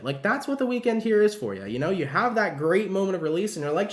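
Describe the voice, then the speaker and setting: Young guy doing a chill tarot read, kinda high voice, slangy and upbeat, roomy echo. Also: sing-song, a little fast. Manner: upbeat, slangy, calls listeners baby. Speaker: tarot reader. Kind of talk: casual tarot reading.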